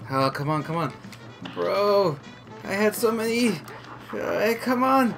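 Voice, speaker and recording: An excitable man talks through a video game, with a very animated, swooping voice and an unhurried pace. He mutters and groans as he plays, and faint game music runs behind him. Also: high voice, gravelly. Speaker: gaming YouTuber. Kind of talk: let's play commentary.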